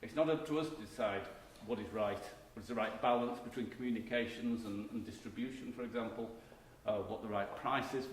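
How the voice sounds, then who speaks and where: A man's voice: on the low side, a little fast, hardly any pauses. Middle-aged man lecturing in an echoey hall. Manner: conversational, emphatic lecturing with frequent restarts. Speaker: keynote speaker, marketing professor. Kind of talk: conference lecture. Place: conference hall. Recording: echoey hall recording with faint background noise.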